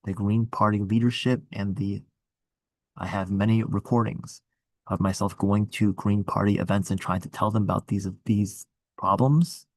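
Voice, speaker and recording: A man's voice: lowish voice, steady tone, normal speed, no echo. A man running for office, talking through his campaign in a rambling, earnest way with many restarts. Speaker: political candidate. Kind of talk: casual political chat.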